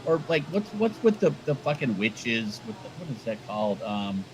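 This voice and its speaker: A man's voice: medium pitch, very animated, moderate pace, darkish tone, a little hiss or hum, low-quality recording. A man co-hosting a casual livestream chat, rambling and swearing and stumbling over repeated words. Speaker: co-host.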